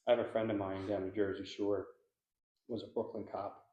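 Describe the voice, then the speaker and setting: A man's voice: on the low side, flat delivery, fairly quick, mellow. A man from Philadelphia, a paranormal investigator, chatting casually and animatedly in an interview, slangy and calling people dude. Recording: echoey room, dull sound.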